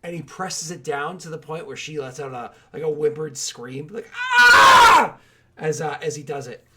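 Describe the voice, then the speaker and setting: Animated man running a tabletop game. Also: a little high, moderate pace, heavy background noise. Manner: animated storytelling, loose filler words. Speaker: game master.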